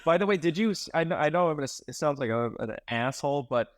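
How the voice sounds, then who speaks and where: A man's voice: fairly high pitch, lively intonation, quick pace, no echo. Male podcast co-host, dry close mic, profane and rambling. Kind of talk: casual movie review chat.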